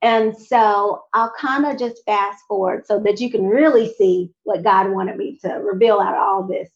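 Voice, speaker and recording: A young adult woman telling a personal faith testimony in an animated way, talking straight to her audience. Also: medium pitch, normal speed, dull audio. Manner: animated, addresses audience directly. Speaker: speaker sharing a testimony.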